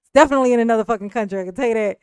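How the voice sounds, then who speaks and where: A woman's voice: on the high side, rapid-fire, smooth, no room sound. Laughing, rambling woman streamer. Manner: rambling, laughing often, frequent restarts and "like". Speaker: livestream host. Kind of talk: casual storytelling to a live chat.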